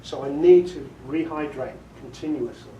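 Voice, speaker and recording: A man whose voice sits on the high side, with a warm tone and normal speed, leads a casual session on audiobook narration. Talking to a group in a meeting room, he's chatty, amused with himself, quick to laugh, and demonstrates inflections. Slight background noise accompanies the far-off, echoey recording.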